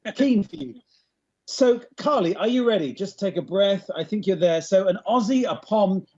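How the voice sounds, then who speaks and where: A man's voice: high voice, animated, moderate pace, darkish tone. A man moderating a panel, chatting in a joking, commentary-like way over a video call. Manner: chatty, cricket-commentary jokes. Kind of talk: casual moderating banter. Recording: muffled video call audio.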